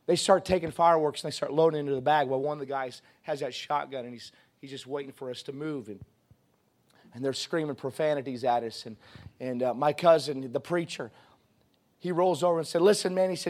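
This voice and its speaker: Preacher, male, high gravelly voice, testimony sermon with halting starts and a fervent cadence. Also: a little mellow.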